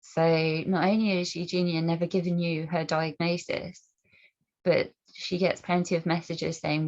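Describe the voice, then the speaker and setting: A woman's voice: on the low side, level tone, a little slow, darkish tone. A woman speaking earnestly to camera as a campaigner, asking pointed rhetorical questions and often restarting her sentences. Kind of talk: personal commentary and storytelling. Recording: dull lo-fi recording.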